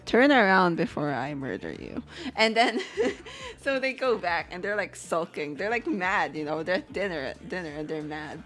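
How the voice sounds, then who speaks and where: A woman's voice: on the low side, sing-song, normal speed, a bit bright, soft background music. A young woman chatting casually on a live stream, rambling and giggling, full of "like".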